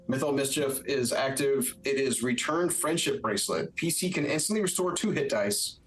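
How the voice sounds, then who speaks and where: A man's voice: medium pitch, a little hiss or hum, rough recording. A man running a streamed tabletop game as its game master, talking upbeat and chatty with plenty of filler words.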